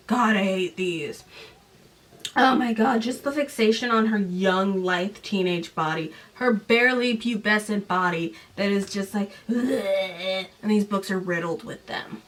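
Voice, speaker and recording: A woman in her late twenties to thirties hosts a podcast, casually recapping a book with sarcastic, animated, mocking asides. Her voice is medium-pitched and picked up by a distant mic.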